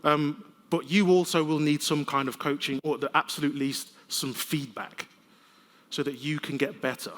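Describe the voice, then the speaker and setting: A man giving a conference keynote, telling lively, conversational stories with humor. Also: a little high, moderate pace. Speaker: keynote speaker. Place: large conference hall. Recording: long reverb of a conference hall.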